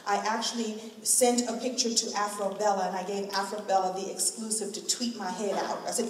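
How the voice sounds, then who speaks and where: A middle-aged woman speaking to an event crowd, telling a personal story in an animated way and acting out the voices she quotes. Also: mid-range voice, fairly quick, hardly any pauses, a little hiss or hum. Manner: expressive, acts out quoted voices, laughs often. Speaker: guest speaker at a hair event. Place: large event room. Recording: echoey hall from far off.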